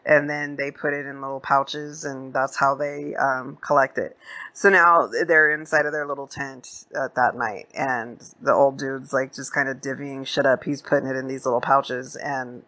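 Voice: medium pitch, steady tone, normal speed, sharp tone. A podcast host retelling a film's plot in a rambling, profane, casual way full of fillers. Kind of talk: casual movie recap.

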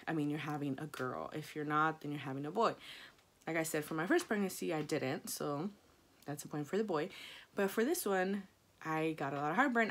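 Speaking candidly to the camera, a young vlogger with a Mexican-American English accent chats about her pregnancy, casually and with lots of fillers. Her voice sits a little low, but she leaps into high, excited bursts when quoting things she once said.

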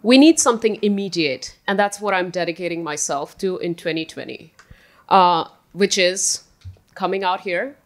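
A woman's voice: lowish voice, normal speed. Organized woman panelist making announcements. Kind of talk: panel discussion.

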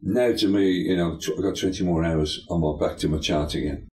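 A man's voice: low voice, steady tone, fairly quick, a little mellow, slight background noise. An older man, a pastor and bishop, talking emphatically in an interview, full of folksy sayings. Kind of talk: preacherly interview talk. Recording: echoey room.

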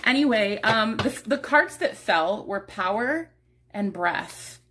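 A woman's voice: mid-range voice, lively intonation, takes it slowly, a bit bright, slight background noise. Young woman, tarot reader, casual and rambling, a bit breathless, swears now and then. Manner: chatty, rambling, restarts words, swears casually. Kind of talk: casual pick-a-card tarot reading.

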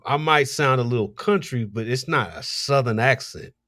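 A man's voice: medium pitch, moderate pace, pushed and bright, dry recording, studio quality. A man guest in a casual talk-show chat, laughing easily and restarting his sentences.

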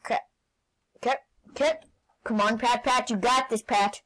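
A woman playing a video game and commenting as she goes, excitable, often shouting and laughing. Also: a little high, moderate pace, long pauses, poor audio. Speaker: gaming channel host.

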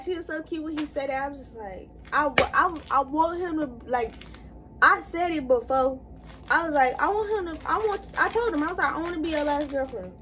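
High-voiced woman chatting while getting ready. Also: background noise. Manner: rambling and chatty, talking straight to viewers. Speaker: vlogger. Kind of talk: casual get-ready-with-me chat.

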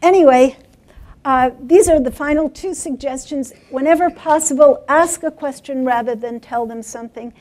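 A woman giving a workshop talk to teachers, animated and acting out stories. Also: sits high, normal speed. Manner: animated, acts out voices. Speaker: guest speaker for teachers.

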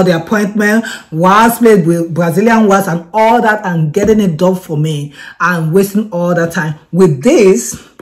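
Excitable woman reviewing a product. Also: medium pitch. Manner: chatty, repeats herself, excitable.

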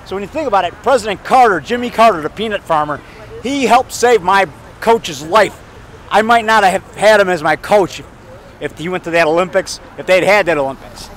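A man in his fifties rambling excitedly while walking down a town street, talking to camera and calling the viewer brother and man. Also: high voice, fairly quick. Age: 50s. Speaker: filmmaker vlogging. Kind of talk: rambling outdoor vlog.

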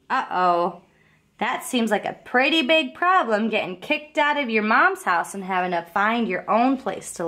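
Reading a picture book to a group of young children, this teacher uses a fairly high voice, bringing expression to the story and pausing to ask the kids questions.

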